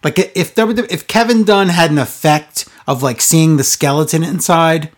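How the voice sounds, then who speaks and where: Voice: mid-range voice, normal speed. Sarcastic podcast host ranting through a recap, fed up and mocking. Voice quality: sarcastic, exasperated. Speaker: podcast co-host reviewing wrestling. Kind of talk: casual recap chat.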